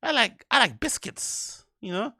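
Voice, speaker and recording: A British man putting on an exaggerated, mocking Southern American caricature voice with a high, sing-song drawl. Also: big pitch swings, unhurried, bright, forceful tone, breathy edge, dry recording, clean studio sound, exaggerated voice. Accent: put-on Southern American.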